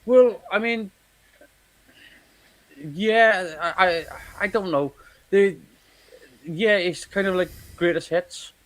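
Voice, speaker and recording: A man co-hosting a casual chat about a TV series, talking in halting bursts with many restarts and repeated words. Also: sits high, a bit bright, no echo. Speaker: podcast co-host.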